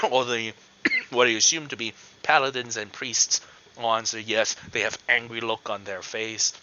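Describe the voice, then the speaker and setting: A man's voice: medium pitch, fairly even intonation, moderate pace, sharp tone, muffled recording, slight background noise. A man narrating as game master, describing scenes and calling for checks, with many fillers and restarts.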